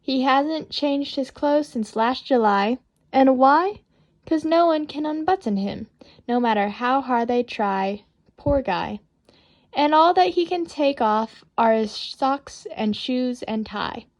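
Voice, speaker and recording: A woman reading children's poems aloud in a playful, expressive, sing-song way. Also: high-pitched, takes it slowly.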